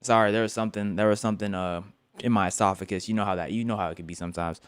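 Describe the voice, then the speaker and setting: A man's voice: on the low side, fairly even intonation, very fast, clear, resonant tone. A man live-streaming his reaction to a video in casual, playful chat, often repeating words for laughs.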